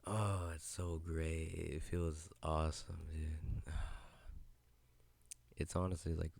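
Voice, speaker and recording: A young man hosts a casual solo podcast, rambling in a loose, laid-back way with frequent swearing. His voice is very low, gravelly and dark. He sits close to a podcast mic in a dry, dead-sounding space. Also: flat delivery, slow pace, no room sound. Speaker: podcast host. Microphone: podcast mic with headphones.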